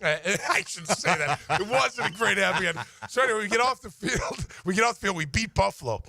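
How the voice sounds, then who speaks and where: A middle-aged man with a bright, forceful voice tells a story in a casual way. He jumps his pitch to act out the people he quotes. His sound is close and dry, with no room around it. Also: fairly quick, creaky, dry recording. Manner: animated, acts out quotes with big pitch swings. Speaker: former player telling a story on sports radio.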